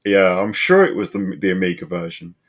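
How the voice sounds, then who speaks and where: A man co-hosting a podcast, chatting in a relaxed, agreeable way and recalling details tentatively. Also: deep voice, fairly quick, crowd noise. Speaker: podcast co-host. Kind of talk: casual podcast chat.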